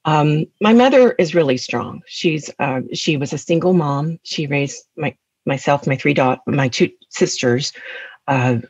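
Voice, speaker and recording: A woman's voice: sits low, a little slow, breathy edge, no echo, dull audio. A woman in her fifties from West Tennessee with a Southern accent, telling her life story in an interview and laughing often. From West Tennessee, USA. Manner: frequent laughter, animated storytelling. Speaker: guest.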